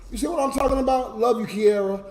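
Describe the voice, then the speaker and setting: During a late-night livestream, a drunk man rambles emotionally to his viewers and reads out donations between rants. His very high voice is fast and darkish in tone, with slight background noise. The recording sounds roomy, with music behind him.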